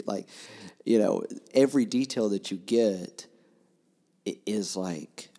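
Slow and full of long pauses, this man's fairly low, dark voice carries a casual book chat on the podcast he co-hosts. He discusses a novel with frequent restarts and fillers.

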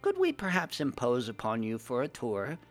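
A man voicing a clever, spirited young gnome woman engineer in a storybook reading, brisk and self-assured. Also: medium pitch, wildly swooping pitch, soft background music, voice pushed up. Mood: bright.

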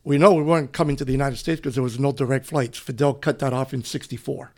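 A middle-aged man from Cuba, a retired police officer, telling his story in an interview in a relaxed, rambling way. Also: medium pitch, fast talker. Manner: relaxed, rambling, often says "you know". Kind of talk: conversational storytelling.

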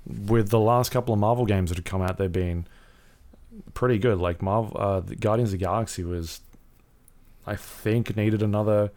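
A lower-pitched man in casual podcast chat about games. He talks loosely with ums and restarts, swears freely and jumps into joking bits. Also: moderate pace. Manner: relaxed, swearing, acts out silly skits in a raised voice. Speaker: podcast co-host.

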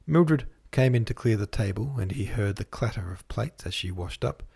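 Gravelly, low-voiced male narrator. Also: expressive, dark tone. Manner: measured literary reading. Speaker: audiobook narrator, podcast host. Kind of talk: scripted narration.

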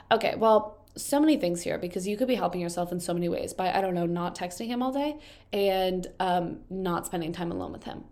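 A young woman with a stuffed-up, congested voice, casually reading confession posts aloud and chatting through them with quick, wry asides. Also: on the low side, a little mellow. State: congested from allergies. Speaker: video host reading and reacting to confession posts.

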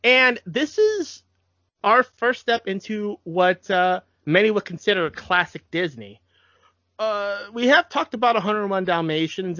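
A young man in casual podcast chat, talking with eager film-buff energy and frequent restarts. His voice sits a little high for a man. The recording is close and dry, with a dull, muffled tone. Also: pushed and bright, no room sound. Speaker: podcast co-host.

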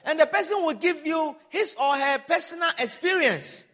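Man, preacher, sermon, very high pitch, bright sharp tone, emphatic repetition. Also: normal speed. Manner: emphatic and repetitive, with exclamations of hallelujah; rises to loud, animated passages.

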